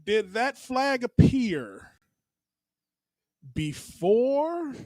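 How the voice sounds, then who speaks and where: A man's voice: very high voice, big pitch swings, drawn-out words, darkish tone, no room sound, rough recording. A man co-hosting a comedy podcast in casual banter, laughing often and restarting his words. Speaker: podcast co-host.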